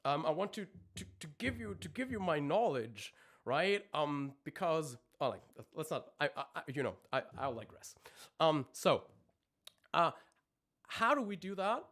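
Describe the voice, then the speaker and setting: His voice sits a little high, sing-song and a bit bright, moving at a measured pace. The man is a vocal coach teaching technique in a live-streamed lesson, pausing to demonstrate screams, with frequent ums and restarts.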